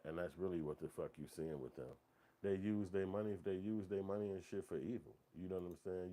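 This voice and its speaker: Brief: a deep, mellow male host, rambling and emphatic with casual commentary. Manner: rambling, emphatic, profane, repeats "you know what I'm saying". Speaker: morning show host.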